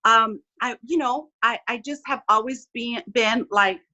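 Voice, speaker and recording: A woman's voice: on the high side, a little slow, bright, forceful tone, lo-fi sound. A woman in her forties, a guest speaking candidly and earnestly in an interview, often checking in with "right?".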